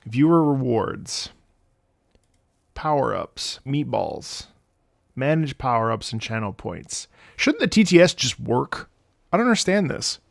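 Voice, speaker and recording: A man streaming live, excitably reacting to music, reading chat and swearing often. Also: medium pitch, unhurried, vocal fry, pauses often, no room sound, studio quality.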